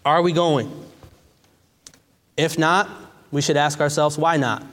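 A man's voice: on the high side, steady tone, slow, fairly bright tone. A man preaching a sermon with fervent, repetitive phrasing and casual asides, recorded in a church. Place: church in a large hall. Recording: long church hall reverb.

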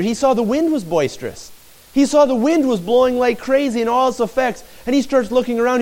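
A man's voice: sits high, darkish tone. A man preaching a sermon, retelling a scripture story with dramatic rises and drops in his delivery.

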